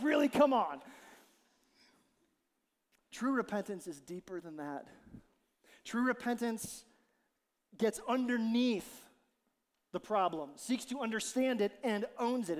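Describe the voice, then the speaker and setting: A man preaching a sermon as pastor, animated and joking, acting out quotes as he goes. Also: high voice, moderate pace, pauses often. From Ohio. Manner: animated, jokey, acts out quotes. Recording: long hall reverb.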